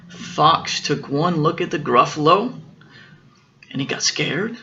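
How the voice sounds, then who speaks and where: A father reading a picture book aloud to his children, gently explaining the story as he goes. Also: fairly high pitch, animated, takes it slowly, highs cut off, slight background noise.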